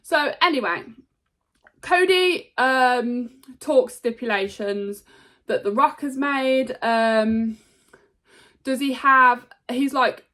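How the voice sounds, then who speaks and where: Chatty woman with a higher voice. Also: slow. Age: 30s. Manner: chatty, excitable, laughs often. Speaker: show host. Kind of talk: casual wrestling recap.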